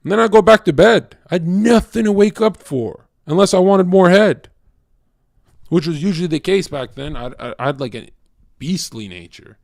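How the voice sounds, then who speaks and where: A man's voice: sits high, expressive, moderate pace, creaky, darkish tone, no echo, studio quality. A man livestreaming, telling a crude, profane confessional story with stammered restarts. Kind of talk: casual unscripted stream monologue.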